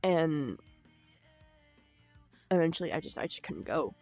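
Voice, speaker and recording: Halting young woman telling her story. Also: low voice, big pitch swings, creaky, darkish tone, soft background music. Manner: halting and emotional, with frequent swearing. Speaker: vlogger. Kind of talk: unscripted personal story.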